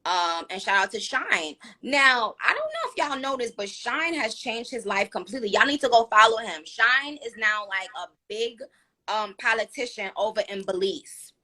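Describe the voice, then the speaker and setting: A woman's voice: a little high, moderate pace. A woman with a New York accent hosting a live stream, chatting casually with many fillers. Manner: chatty, animated, lots of fillers.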